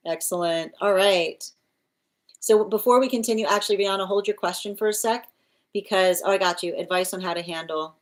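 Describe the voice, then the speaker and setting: Chatty woman tarot reader on a live stream. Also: mid-range voice. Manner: chatty, laughs often, coos at her cat.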